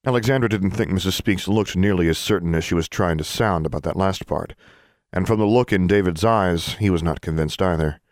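A man narrating an audiobook in a steady storytelling manner. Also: sits low, a little fast, no room sound, clean studio sound.

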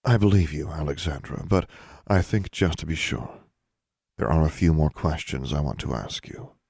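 A man's voice: very deep voice, moderate pace, creaky, darkish tone, slightly rough, dry recording, studio quality, heavily acted. A man voicing a smug, patronizing wizard interrogator in an audiobook, demanding and growling. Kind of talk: audiobook narration.

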